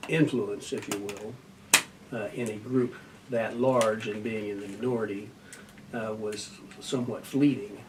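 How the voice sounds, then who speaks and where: An older man, a retiring judge, answering an interview question in a measured, thoughtful way, with frequent pauses and fillers. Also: lowish voice, steady tone. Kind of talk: news interview. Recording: distant mic with faint noise.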